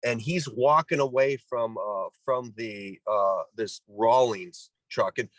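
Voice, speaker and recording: Animated middle-aged Canadian man telling a story. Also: mid-range voice, slow, no room sound, poor audio. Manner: animated, acts out quoted voices, many restarts. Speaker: guest, former pro baseball player. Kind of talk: storytelling in a casual interview.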